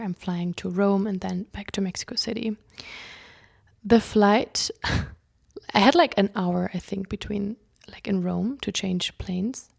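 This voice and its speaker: A young adult woman vlogger telling a personal story in a casual, chatty way, often saying "like" and acting out what people said, moving between loud bursts and whispers. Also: medium pitch, vocal fry. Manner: chatty, fills speech with "like"; acts out quoted speech, shifting between loud bursts and whispers.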